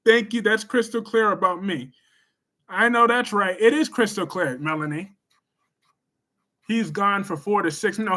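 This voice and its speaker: Bright high-voiced man chatting on stream. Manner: chatty, animated, scolds chatters loudly then gushes warmly. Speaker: live stream host. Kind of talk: casual live stream chat, reading viewer comments.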